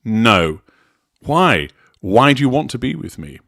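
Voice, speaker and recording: A man's voice: mid-range voice, sing-song, slow, creaky, a bit bright, no echo, studio quality, heavily acted. A man reading out a frustrated, insistent man. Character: frustrated man pleading with his partner.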